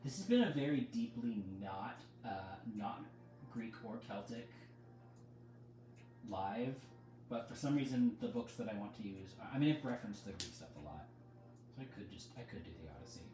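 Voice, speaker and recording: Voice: medium pitch, lively intonation, moderate pace, dark tone, faint music behind. A livestream host chatting casually with viewers, rambling, breaking off mid-thought and laughing often.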